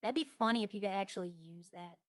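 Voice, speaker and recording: A woman's voice: mid-range voice, quick pace, no echo, clean studio sound. A young woman streaming a roleplay game, chatting casually to herself as she browses and lists things she sees. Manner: muses aloud, listing items as she browses.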